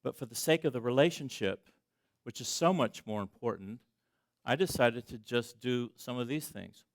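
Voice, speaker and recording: Man preaching with loud and soft swings. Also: medium pitch, moderate pace, dry recording, clean studio sound. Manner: conversational preaching, self-deprecating, swings between loud emphasis and quiet asides. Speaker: pastor. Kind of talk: sermon. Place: church sanctuary.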